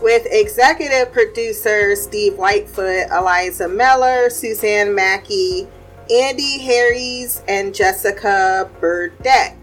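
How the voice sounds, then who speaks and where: A woman's voice: mid-range voice, slow pace, faint music behind. Blunt, laughing woman recapping a show. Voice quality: blunt, profane, laughs often. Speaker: TV recap podcast host.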